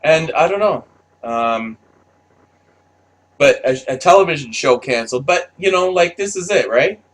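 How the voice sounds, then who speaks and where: A man's voice: on the high side, expressive, unhurried. A man delivering a heated, profanity-filled opinion rant, stammering and repeating himself as he talks. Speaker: commentator.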